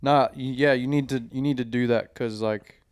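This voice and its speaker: Laid-back young man, smooth dry voice. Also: medium pitch, steady tone, normal speed, no echo. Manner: laid-back, swears freely. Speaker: podcast host. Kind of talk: casual chat.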